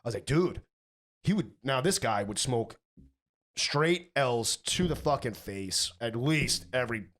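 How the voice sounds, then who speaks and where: Animated, foul-mouthed male podcast host. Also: mid-range voice, unhurried. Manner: animated, profane storytelling. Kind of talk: casual chat.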